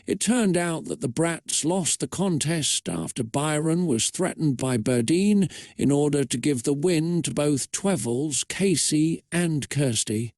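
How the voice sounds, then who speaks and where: A man reads absurd fan fiction aloud in a steady, matter-of-fact narrating voice that sits slightly high for a man. The recording is dry and close, with no room sound around it. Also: a little slow, no echo. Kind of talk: comedic reading of AI fan fiction.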